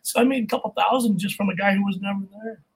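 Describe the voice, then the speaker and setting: High, husky-voiced middle-aged man. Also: rapid-fire, poor audio. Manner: animated, laughs often, imitates people. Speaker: guest, voice and accent coach. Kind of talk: casual interview storytelling.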